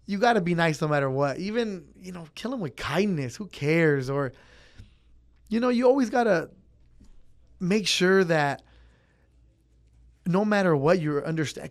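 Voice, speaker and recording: A young man in the service trade, talking casually in an interview and acting out chats with customers. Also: a little high. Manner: easygoing, acts out customer chats. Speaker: pizza place worker.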